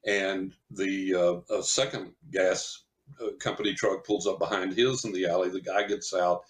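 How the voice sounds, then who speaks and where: A man, a psychic medium guest on a podcast, telling a story in an animated way and laughing as he talks. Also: sits low, moderate pace. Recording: roomy echo.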